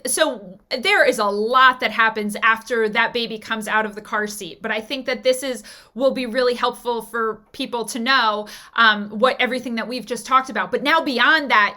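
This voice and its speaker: A woman's voice: fairly high pitch, sharp tone. A woman hosting a parenting channel, interviewing a guest and summing up her points in a friendly, affirming way.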